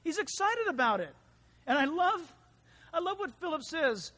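Male pastor, sermon delivery, animated and dynamic. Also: very high voice, normal speed. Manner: animated, acts out voices, swings from quiet to loud.

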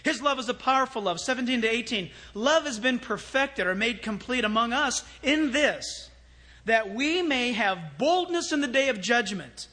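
High-voiced, animated male preacher. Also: moderate pace. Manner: animated, swings from loud exclamations to hushed storytelling. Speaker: pastor. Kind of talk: sermon.

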